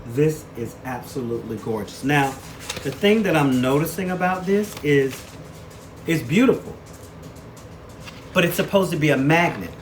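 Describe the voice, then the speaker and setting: A man chatting casually to camera in a weekly vlog, telling stories and showing off products in an animated, talkative way. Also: a little high, normal speed, long pauses. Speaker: vlogger. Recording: noticeable background noise.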